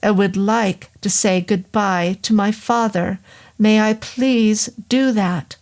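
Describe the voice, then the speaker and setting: A woman's voice: mid-range voice, fairly even intonation, slow pace, a little mellow. A woman voicing a grieving, insistent daughter. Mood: tense. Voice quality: trembling, then firm and emphatic. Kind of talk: audiobook character voice.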